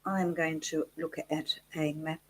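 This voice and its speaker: Low-voiced Australian woman chatting casually. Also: level tone, a little slow, slight background noise, rough recording. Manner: chatty, self-deprecating. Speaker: co-host of a live chat stream. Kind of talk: casual live-stream chat.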